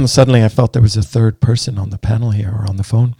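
A man's voice: on the low side, fairly even intonation, fast, vocal fry, mellow, slightly rough, no echo, studio quality. A man hosting a conversational interview, asking long, rambling questions with many restarts. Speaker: podcast host.

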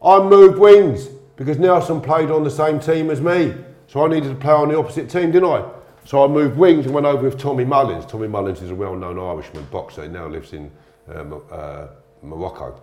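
A man's voice: medium pitch, fairly quick, a little mellow. A middle-aged man, a guest telling stories bluntly with plenty of slang and swearing. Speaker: interview guest. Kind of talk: storytelling in conversation. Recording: roomy echo.

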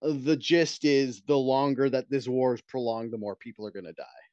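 A man's voice: mid-range voice, fairly even intonation, moderate pace, darkish tone, dry recording, muffled recording. A man co-hosting a podcast in casual chat, telling stories in a profane, ranting way. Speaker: podcast co-host.

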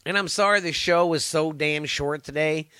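A man's voice: a little high, moderate pace, sharp tone, no echo, clean studio sound. A man hosting a podcast, rambling and cursing casually, often stumbling over names as he reads. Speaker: podcast host.

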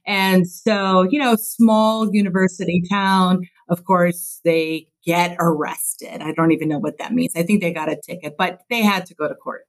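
A woman in her fifties from Chicago, a guest on an interview podcast, telling stories in a lively way and acting out the voices she quotes. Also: on the low side, normal speed, hardly any pauses, low-quality recording. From Chicago, USA. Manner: lively storyteller who acts out quoted voices. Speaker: podcast guest, construction executive. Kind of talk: casual interview chat.

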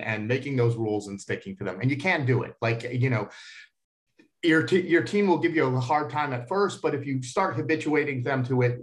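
A middle-aged man, an expert guest and parent, answering interview questions earnestly, repeating words as he thinks aloud. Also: medium pitch.

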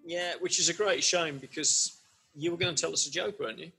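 A male podcast host closes the show with brisk, polite thanks in a slightly high voice. Faint music sits behind him. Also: gravelly, bright, forceful tone. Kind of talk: casual chat, sign-off.

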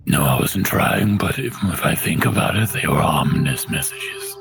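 A man doing a gravelly smoker squirrel. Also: animated, moderate pace, fairly bright tone, dry recording, soft background music, heavily acted. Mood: grumbling. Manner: low, grumbling and sometimes whispered. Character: gruff chain-smoking male squirrel messenger.

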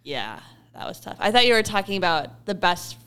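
A woman co-hosting a podcast in casual chat, bubbly and animated, laughing often as she talks. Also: medium pitch, moderate pace, clean tone. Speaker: podcast co-host.

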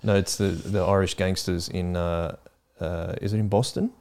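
A man's voice: deep voice, steady tone, normal speed, gravelly, darkish tone. A man, co-hosting a casual podcast chat in an easygoing way, asking questions and laughing often. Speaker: podcast co-host.

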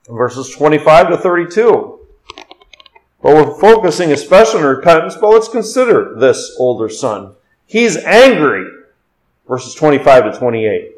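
A male pastor delivering an expository sermon, rising and quickening when he quotes scripture and dropping low and slow for emphasis. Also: low-quality recording.

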